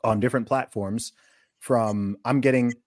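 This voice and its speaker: Guy hosting a podcast, mid pitch, dry close mic, talks casual and repeats himself a lot. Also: measured pace, dry recording. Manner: repeats words when starting a thought, animated. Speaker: podcast host. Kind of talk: casual conversational interview.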